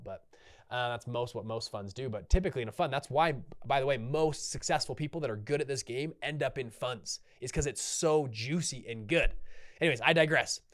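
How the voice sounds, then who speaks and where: A man hosting a solo podcast, talking casually and rambling off on tangents with lots of restarts and fillers. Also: mid-range voice. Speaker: podcast host.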